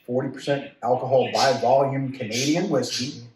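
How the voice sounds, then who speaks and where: A man's voice: medium pitch, fairly even intonation, moderate pace, a crowd in the background. A man co-hosting a casual whiskey-tasting chat, reading labels aloud and giving his take. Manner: reads bottle labels aloud, chatty. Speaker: podcast co-host reviewing whiskey. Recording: echoey room, mic at a distance, faint noise.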